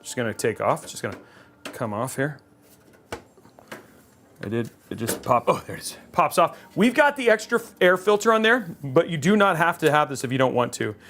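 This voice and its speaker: A man's voice: fairly high pitch, very animated, moderate pace, a bit bright, slight background noise. A man hosting a live PC-building stream from a studio. He chats casually and cheerfully and rambles with plenty of fillers. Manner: chatty, upbeat, rambling with fillers. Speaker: livestream host building a PC.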